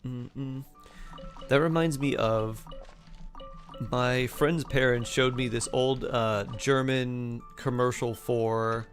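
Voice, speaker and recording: A man's voice: medium pitch, steady tone, slow. A man streaming a game, chatting casually, reading chat aloud and humming between remarks. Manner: laid-back, hums and scats to himself while reading chat. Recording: faint music behind.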